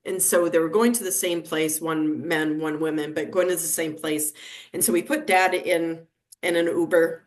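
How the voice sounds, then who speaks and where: A woman in her fifties with a low voice tells a story in a podcast interview. She speaks as a neonatal nurse practitioner and acts out each person's quoted lines as she goes. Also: moderate pace. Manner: lively anecdotal telling, acting out quoted dialogue.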